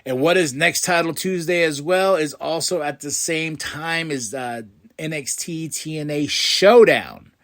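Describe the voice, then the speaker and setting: A man hosting a podcast, giving an excitable casual recap of a show and acting out what people said in loud bursts. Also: fairly high pitch, unhurried. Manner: excitable, acts out quotes with loud outbursts. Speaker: podcast host.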